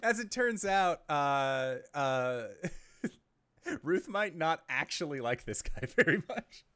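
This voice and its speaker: Slow, lively-voiced man at a game table. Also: a little high, smooth, no echo. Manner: slow, giggly describing his character. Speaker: player.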